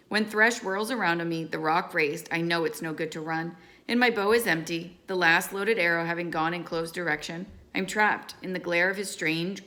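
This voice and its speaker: A woman reading a novel aloud in steady first-person storytelling. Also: fairly low pitch, creaky. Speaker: audiobook reader.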